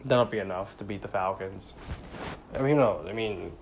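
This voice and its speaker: A man's voice: on the low side, moderate pace, vocal fry, a little hiss or hum. A man casually giving football predictions in a conversational way, often repeating his points and saying "you know.". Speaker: sports commentator.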